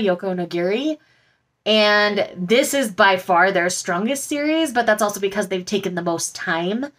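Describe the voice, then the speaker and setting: A woman's voice: medium pitch, fairly bright tone. A woman vlogger chatting casually and gushingly about the books she just bought, with frequent fillers. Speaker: book vlogger. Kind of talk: casual haul chat.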